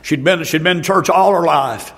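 A middle-aged man preaching a fiery revival sermon, breaking into shouted outbursts between folksy stories. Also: on the high side, moderate pace.

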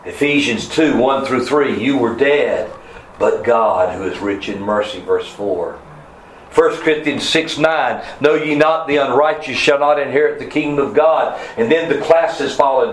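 A man's voice: medium pitch, unhurried, a little hiss or hum. Fervent preacher man, echoey room. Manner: fervent, swings from soft to loud rising emphasis. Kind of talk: sermon. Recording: echoey room with faint ambience.

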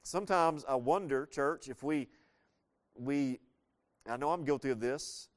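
A man's voice: mid-range voice, measured pace. Southern US man, pastor; folksy, chatty sermon delivery that punches key words. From Southern United States. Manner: conversational, folksy storytelling with dynamic emphasis.

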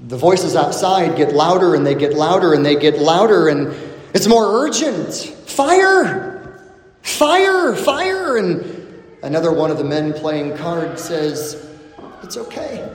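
A man preaching a sermon, telling a story dramatically and swinging between urgent calls and hushed, solemn lines. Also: fairly high pitch, moderate pace, reverberant, in a large hall.

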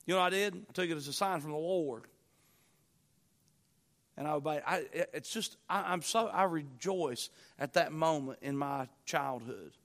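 A middle-aged man preaching a sermon, moving from quiet personal stories to loud, urgent pleading. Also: on the high side, moderate pace. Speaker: pastor.

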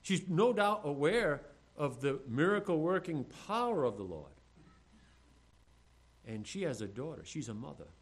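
A male pastor delivering a sermon in an animated way. His pitch sits a little high and rises and falls widely as he reads old scripture phrasing and then acts out the disciples in plain modern talk. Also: measured pace, pauses often, slightly rough.

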